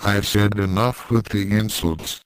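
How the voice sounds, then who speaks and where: A man's voice: on the low side, steady tone, measured pace, slight background noise, close to an everyday voice, rough recording. A man voicing a smug invisible talking cat. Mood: condescending. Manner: condescending, dry and mocking. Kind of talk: audiobook reading of fan fiction.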